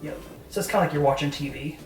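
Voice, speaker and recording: A woman's voice: sits low, quick pace, a little mellow. A woman with a Southern American accent directing a boudoir photo shoot, coaching poses in an upbeat, chatty way with lots of fillers. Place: indoor photo studio, roomy. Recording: echoey room, mic far off, faint music.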